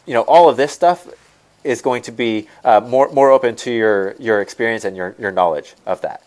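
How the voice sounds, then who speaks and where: A man's voice: fairly low pitch, darkish tone. A man teaching an online selling lesson over a screen share. He rambles and repeats himself as he talks the viewers through it. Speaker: online store coach.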